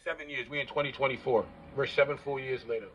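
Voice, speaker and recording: A man's voice: mid-range voice, fairly even intonation, quick pace, fairly bright tone, lo-fi sound, a little hiss or hum. A man in his forties rambling casually to the camera in a blunt, boastful and profane way. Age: 40s. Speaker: vlogger.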